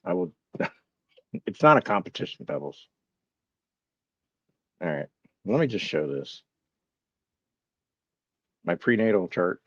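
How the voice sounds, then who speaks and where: Man, fairly low voice, casual streamer, reads chat aloud, bemused and self-mocking, dry slightly muffled audio. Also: very animated, slow, pauses often, fairly bright tone, dry recording. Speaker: livestream host.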